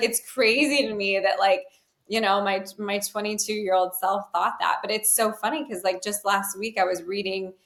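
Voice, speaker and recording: A woman's voice: mid-range voice, fairly bright tone. A woman telling her personal story in an interview, talking loosely with many fillers and restarts. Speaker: guest, healer. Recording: roomy echo.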